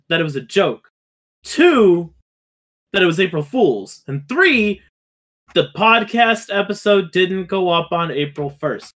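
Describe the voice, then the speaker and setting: A man's voice: high-pitched, a bit bright. A man hosting a podcast in casual chat, joking and rambling with lots of restarts. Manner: joking, rambling, self-interrupting. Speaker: podcast host.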